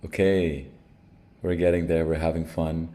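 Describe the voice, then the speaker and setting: A man's voice: rumbling low, flat delivery, measured pace, mellow. A man co-hosting an online workshop, upbeat and jokey as he guides participants from a computer mic. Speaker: workshop co-host.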